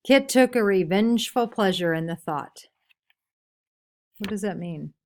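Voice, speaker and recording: A woman's voice: medium pitch, lively intonation, a little mellow. Woman teacher asking a class questions. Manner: asks many questions, pausing for answers; reads book passages aloud, then explains. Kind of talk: classroom read-aloud with discussion questions.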